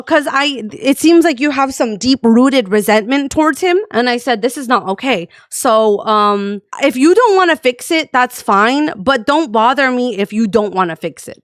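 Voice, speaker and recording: Woman, high voice, animated storytime rant, swears freely, dry close recording. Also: no room sound. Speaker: streamer and community owner.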